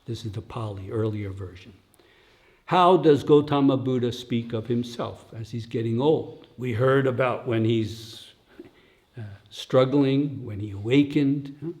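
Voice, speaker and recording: An older man giving a dharma talk at a retreat in a slow, reflective way, often tagging his lines with "huh?" and dropping to soft, near-whispered asides. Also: medium pitch. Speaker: dharma teacher.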